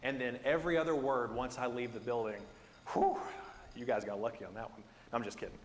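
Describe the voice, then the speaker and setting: A man teaching a Bible class in a conversational, self-deprecating, animated way. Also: medium pitch, fast talker, slight background noise. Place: church building. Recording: echoey hall with long reverb.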